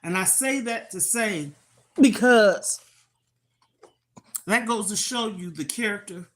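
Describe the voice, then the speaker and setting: A woman's voice: mid-range voice, slow. Frank older woman talking to viewers. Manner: frank, preachy, repeats "okay?" often. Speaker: livestream host. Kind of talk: casual livestream talk to viewers.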